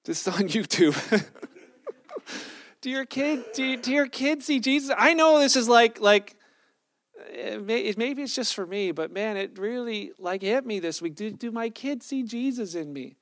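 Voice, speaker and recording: A man's voice: very high-pitched, lively intonation, unhurried, a bit bright, dry recording, studio quality. A man, a pastor with children, giving a sermon in a loose, conversational storytelling way, often restarting his sentences. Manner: conversational storytelling preaching, self-correcting.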